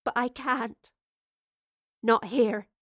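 A woman's voice: a little high, fairly even intonation, extremely slow, fairly bright tone, no room sound, studio quality, full character voice. A woman voicing a grief-stricken, self-sacrificing mother who speaks weakly with a tremor in her voice. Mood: weary. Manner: trembling, pleading, weary.

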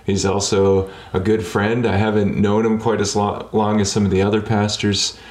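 A man who is a pastor, hosting a podcast interview in a friendly, relaxed way with some halting restarts. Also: fairly low pitch, reverberant. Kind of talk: casual interview.

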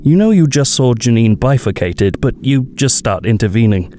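Man narrating lively comic horror verse. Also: mid-range voice, moderate pace, few pauses, slight background noise. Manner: theatrical, swooping delivery.

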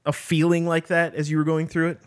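A man's voice: fairly high pitch, flat delivery, a little fast. A man co-hosting a casual book discussion, reading a passage aloud with sarcastic emphasis and picking apart the writing. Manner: sarcastic, critical, reads passages with mocking emphasis. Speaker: podcast co-host.

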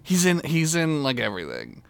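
A man's voice: fairly high pitch, wildly swooping pitch, normal speed, creaky, a bit bright, clear, resonant tone. A man co-hosting a podcast, chatting casually, joking and fumbling for words. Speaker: podcast co-host. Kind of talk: casual chat.

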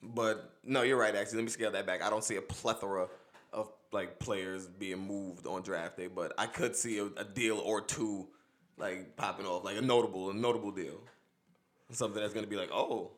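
A man co-hosting a podcast who chats about sports in a relaxed way and often agrees, hedges, or scales back his own takes. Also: fairly low pitch, fairly quick. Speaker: podcast co-host. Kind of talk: casual sports talk.

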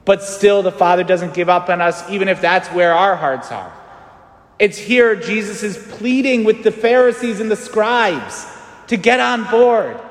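A man preaching a sermon as a priest, animated and acting out the voices in the story. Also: sits high, measured pace. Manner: animated, acts out quoted voices. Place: church. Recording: echoey church hall.

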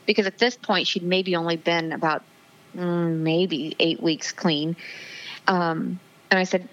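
Interview guest, woman, 40s, earnest and emotional, lots of ums, slightly low voice, muffled phone audio. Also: little pitch movement, normal speed, a bit bright. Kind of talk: personal testimony in interview.

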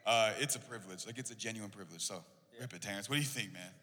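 An excitable young man talks quickly in a casual church podcast, peppering his sentences with "like". His voice is bright and forward. The room rings with a long echo. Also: lowish voice. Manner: excitable, heavy use of "like". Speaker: church volunteer.

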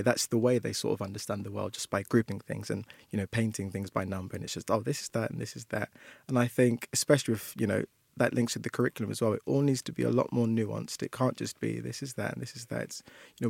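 A man's voice: on the low side, vocal fry, darkish tone, slightly rough, dry recording. A man, a primary school teacher, telling reflective stories with many "you know"s. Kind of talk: casual discussion.

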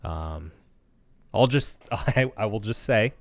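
A man's voice: fairly low pitch, animated, slow, no room sound. A man co-hosting a podcast, laid-back, mostly giving short replies in casual chat. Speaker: podcast co-host.

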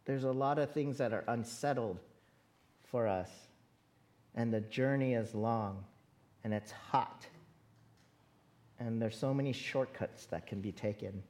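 A woman's voice: very deep voice, measured pace, long pauses, darkish tone. A woman pastor giving a sermon in an earnest, conversational way, calling out to her congregation. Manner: earnest, conversational preaching with direct appeals to the congregation.

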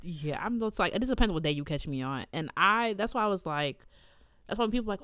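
A woman who co-hosts a podcast and teaches orchestra, telling stories in casual chat with an animated, exasperated delivery. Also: fast talker, dry recording. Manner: animated, exasperated storytelling with sudden jumps in pitch.

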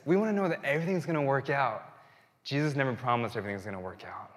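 Man, pastor, casual sermon, restarts, middling pitch, long church reverb. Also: fast. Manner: conversational, warm-hearted storytelling with restarts. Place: church sanctuary.

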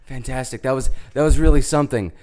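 A man's voice: mid-range voice, steady tone, fast talker, a little mellow, natural voice. A man playing an awkward radio talk-show host who fumbles and stammers through an improv comedy interview.

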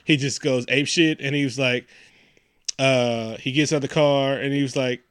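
Casting: male podcast co-host, lively and crude, bright forceful voice, dry close sound. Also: medium pitch, normal speed, clean tone, dry recording. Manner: animated, profane, acts out quotes in silly voices. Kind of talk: casual movie recap chat.

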